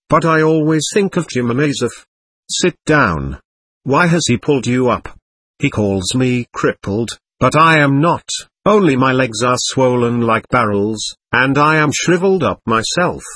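A man voicing a muddled, crippled older mother in a storybook, complaining and a little confused. The voice is husky and lively, with a dry, close sound. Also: medium pitch, no room sound.

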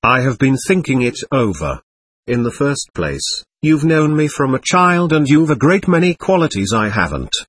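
Guy doing a shy earnest young fella, soft and hesitant, husky, lively pitch, audiobook. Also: moderate pace, no echo. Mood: sincere.

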